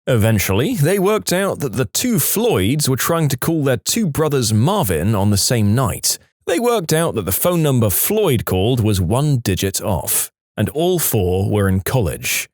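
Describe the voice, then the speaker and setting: A man reads reader-submitted stories aloud in a scripted narration. His delivery is animated, and his pitch swings widely. The recording is close and dry. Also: dry recording. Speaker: story narrator.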